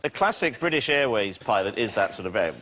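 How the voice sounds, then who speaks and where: A man's voice: on the low side, sing-song, brisk, a bit bright. A male comedian on a panel show, chatting in a jokey, conversational way. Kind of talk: panel banter.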